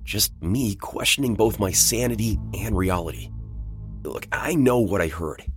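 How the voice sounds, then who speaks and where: A man's voice: on the low side, expressive, a little slow, soft background music. A man reading a first-person horror story aloud in a casual, conversational way, with blunt swearing. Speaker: voice actor narrating a listener's story.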